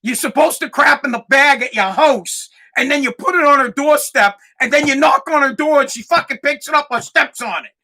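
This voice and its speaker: Guy imitating his loud drunk mom, high shrill yelling, super profane and fed up. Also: fairly quick, hardly any pauses, heavily acted. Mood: exasperated scolding. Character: brash drunk foul-mouthed mother scolding her son.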